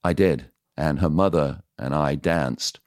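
Seasoned radio DJ as podcast guest, frank and animated, voices the people in his stories; rumbling low pitch, dead-dry room. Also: measured pace, no room sound. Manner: animated, acts out quoted dialogue; frank, confessional. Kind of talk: casual storytelling in interview.

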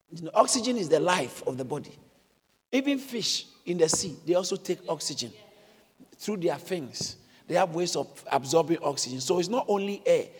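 A male pastor preaching in a church, his voice pitched high and swinging widely as he explains and exclaims. The tone is slightly husky, and a long hall reverb trails each phrase. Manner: animated preaching, bursts into shouts when quoting. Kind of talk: sermon.

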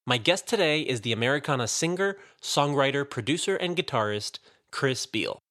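A man hosting an interview podcast, reading a scripted guest introduction and then asking questions in a measured, slightly halting way. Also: mid-range voice, animated, fairly bright tone. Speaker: podcast host.

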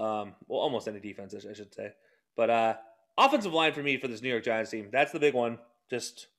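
A man co-hosting a casual sports podcast, talking quickly with sarcastic asides and laughs. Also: mid-range voice, fairly bright tone. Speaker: podcast co-host.

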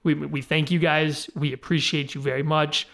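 A man's voice: fairly high pitch, flat delivery, normal speed, creaky, fairly bright tone. A man co-hosting a podcast, earnestly thanking listeners in long run-on sentences. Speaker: podcast co-host.

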